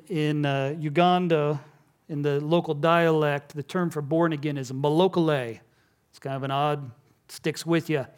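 A man preaching a sermon, telling stories and dropping to a hush on key lines. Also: on the high side. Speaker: pastor.

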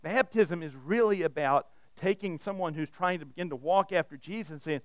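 A pastor preaches to an audience in a church hall, retelling stories and often restarting or repeating his words. His voice is on the high side and fairly quick with few pauses, and there's no room sound.

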